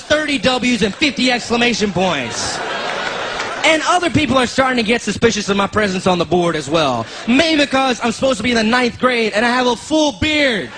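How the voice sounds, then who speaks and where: High-voiced man doing animated stand-up. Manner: animated storytelling, acting out exchanges, shouting punchlines. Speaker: stand-up comedian. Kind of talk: stand-up comedy set. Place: stage before a laughing live audience. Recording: live club recording with crowd noise.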